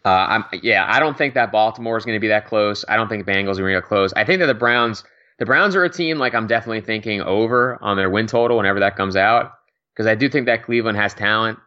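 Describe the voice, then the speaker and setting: A man's voice: on the low side, sharp tone, muffled recording. A man co-hosting a sports betting podcast, chatting casually with many fillers. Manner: quick, conversational, many fillers and laughs. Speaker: podcast co-host.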